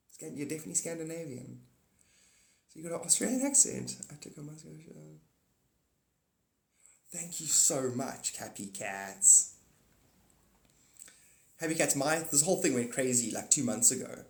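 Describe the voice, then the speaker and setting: A man's voice: on the high side, normal speed, creaky, pauses often. A man hosting a livestream, chatting casually with viewers and rambling through spiritual ideas. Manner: rambling, animated, spiritual talk. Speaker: livestream host. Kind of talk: casual livestream chat reading comments. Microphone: phone. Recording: echoey room.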